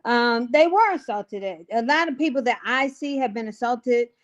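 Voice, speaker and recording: A woman's voice: fairly high pitch, lively intonation, a loud crowd. Frank woman guest on dull lo-fi audio. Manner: frank, opinionated, with 'um' pauses. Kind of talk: casual chat.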